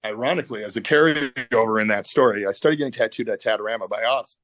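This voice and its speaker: A middle-aged Canadian tattoo artist, appearing as a guest on a video-call interview, tells a wild story fast in a lowish voice. He swears a lot and animatedly acts out what people said, and the recording is dry.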